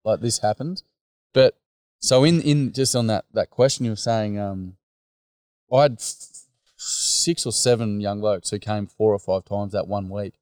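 Frank Australian bloke telling stories. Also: male voice, lowish voice, unhurried, darkish tone, smooth, no echo, studio quality. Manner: blokey, frank, storytelling with acted quotes. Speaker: workshop facilitator and guest. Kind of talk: casual conversational interview.

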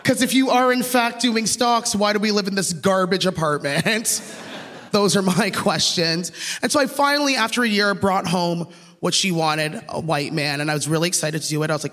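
A woman from Canada performing a stand-up set, telling stories in an animated way and acting out the voices she quotes. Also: mid-range voice, moderate pace. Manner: animated, acts out quoted voices, laughs through lines. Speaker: stand-up comedian. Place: comedy stage. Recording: reverberant stage sound with long echo.

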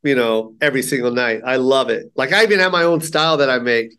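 A man's voice: medium pitch, fast talker, clean tone. A middle-aged man, a stand-up comedian, telling stories in a casual interview and acting out the people he quotes. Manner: animated, acts out quotes in character voices.

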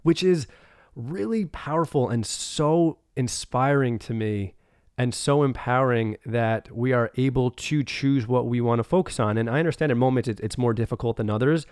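Smooth-voiced man hosting a podcast. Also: medium pitch, normal speed, darkish tone, dry recording, studio quality. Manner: encouraging, reflective, sums up guest's points. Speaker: podcast host. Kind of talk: casual podcast conversation.

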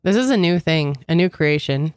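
Brief: young female podcast co-host, lower voice, teasing and playful, dry close mic. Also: expressive, a little mellow, no room sound. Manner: playful, teasing, quick to laugh. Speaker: podcast co-host running a drink guessing game. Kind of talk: casual chat.

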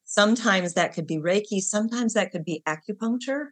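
A woman guest on a podcast, a health coach, speaking calmly and affirmingly. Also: mid-range voice, a little fast. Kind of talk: conversational interview.

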